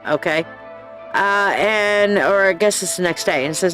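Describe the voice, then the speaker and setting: A woman's voice: medium pitch, moderate pace, fairly bright tone, soft background music. A woman hosting a psychic live stream in casual chat. She reads viewers' posts aloud, acts out the people in them with bold voices, and talks bluntly and with profanity, calling viewers babe and dear.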